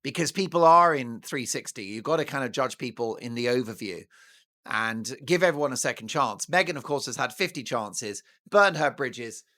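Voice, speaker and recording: A man's voice: mid-range voice, lively intonation, normal speed, pushed and bright. A man giving scornful, indignant commentary in a theatrical manner. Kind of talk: opinionated commentary.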